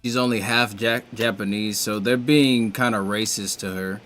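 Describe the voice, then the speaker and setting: A man's voice: on the low side, fairly even intonation, moderate pace, fairly bright tone, faint music behind. A man casually reading a comic aloud, stumbling through names and cursing as he adds his own comments. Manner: reads on the fly, stumbles, swears. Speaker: reader of a manga aloud.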